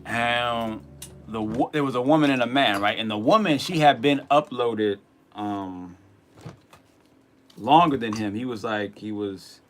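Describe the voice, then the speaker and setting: A man's voice: medium pitch, a little slow, slight background noise. A man co-hosting a spirituality show in a loose, rambling way, with many restarts and fillers. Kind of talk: casual spiritual talk and Q and A.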